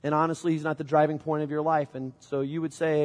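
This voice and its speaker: A man's voice: fairly high pitch, flat delivery, quick pace, a little mellow. A middle-aged man from Illinois preaching a sermon as pastor, telling a story in a conversational way. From Illinois, USA. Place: church sanctuary. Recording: long reverb of a church hall.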